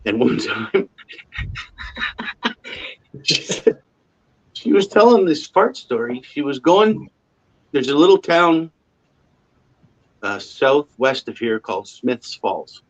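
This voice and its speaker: A man's voice: mid-range voice, big pitch swings, slow pace, pauses often, highs cut off. A man with a Canadian accent chatting casually as host of a livestream, a rambling storyteller who chuckles often.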